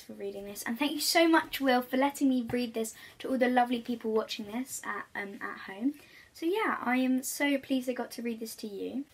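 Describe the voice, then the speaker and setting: A woman reading a children's picture book aloud in a gentle, chatty way. Her voice sits fairly high and has a soft, breathy edge.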